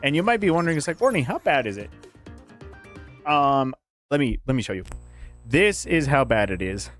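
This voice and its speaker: A man's voice: mid-range voice, fairly bright tone. A man streaming from home into a studio microphone, casually chatting, telling stories animatedly with casual swearing and frequent laughter. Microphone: dynamic studio microphone.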